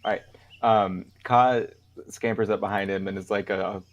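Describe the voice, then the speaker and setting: A man's voice: on the low side, steady tone, moderate pace, dry recording, lo-fi sound. A man chatting as a player at a tabletop game, hesitant with restarts, over a video call. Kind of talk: casual chat at a tabletop game.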